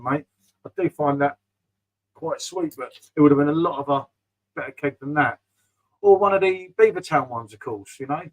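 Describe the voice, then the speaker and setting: A middle-aged man talks loosely and chattily, drifting from topic to topic. His voice sits a little higher than most men's, and he keeps calling his listeners mate. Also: slightly rough, rough recording. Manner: rambling, chatty, calls viewers mate. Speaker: beer vlogger reading live chat. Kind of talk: casual live-stream chat.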